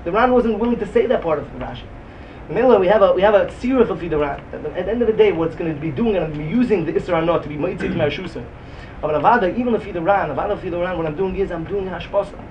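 A man with a Yeshivish accent teaches a Talmud class at a rapid clip. His voice sits high for a man and he presses his points hard. A faint hum of the room stays underneath. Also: animated, dull audio. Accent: Yeshivish English. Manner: rapid, emphatic, mixes Yiddish and Hebrew terms into English. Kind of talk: Talmudic lecture.

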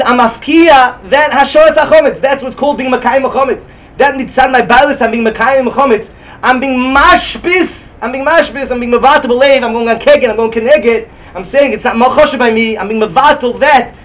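Heard through a distant microphone with faint room noise, a high-voiced man lectures rapidly on Talmud in yeshiva style. His delivery is lively, rising and falling in a sing-song talmudic rhythm.

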